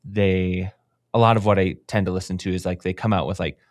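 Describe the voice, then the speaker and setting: Low-voiced, dry-sounding man chatting casually. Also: fairly even intonation, fairly quick, dry recording. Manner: chatty, rambling with many fillers. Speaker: podcast co-host. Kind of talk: casual chat.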